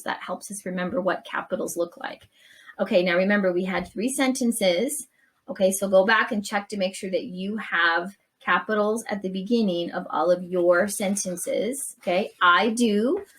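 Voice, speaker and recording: A woman's voice: medium pitch, breathy edge. A woman teacher leading a writing lesson for young children, encouraging and checking in often.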